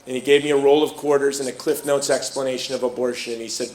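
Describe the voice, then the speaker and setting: A man's voice: medium pitch, fast talker, reverberant. A middle-aged man from Chicago telling a personal story to a live audience, acting out the people he quotes. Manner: lively storyteller who acts out quoted voices. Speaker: speaker.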